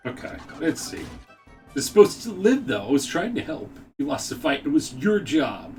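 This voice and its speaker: A man hosting a live game stream, chatting casually, reading out viewer messages and laughing often with excited exclamations. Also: on the high side, moderate pace, distant mic, soft background music.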